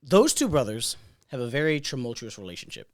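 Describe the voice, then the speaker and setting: Lively, animated male podcast storyteller. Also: mid-range voice, brisk. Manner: animated, acts out quotes with loud swearing bursts. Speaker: podcast co-host. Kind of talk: casual storytelling chat.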